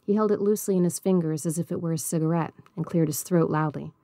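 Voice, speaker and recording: A woman reading a novel aloud in a measured, even storybook narration. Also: sits low, no echo, studio quality. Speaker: audiobook reader.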